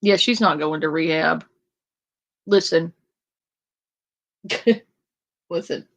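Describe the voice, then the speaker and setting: A woman's voice: sits low, steady tone, slow, gravelly, a bit bright. A woman ranting sarcastically and crudely about another streamer, in casual commentary. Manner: sarcastic, crude, mocks with a whiny imitation.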